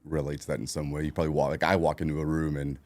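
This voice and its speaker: A man's voice: a bass voice, flat delivery, rapid-fire, darkish tone. A man co-hosting a podcast, talking casually and rambling, with lots of 'like' fillers. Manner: rambling, heavy use of 'like'. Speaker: podcast co-host.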